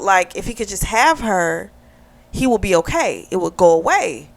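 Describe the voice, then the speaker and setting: A woman giving a casual book review, retelling the plot in an animated way and acting out the dialogue. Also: mid-range voice, moderate pace, gravelly.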